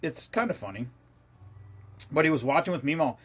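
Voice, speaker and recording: Husky-voiced middle-aged man rambling casually. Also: a little high, lively intonation, fairly quick, a bit bright. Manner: rambling, profane storytelling with laughs. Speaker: livestream host. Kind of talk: casual livestream chat.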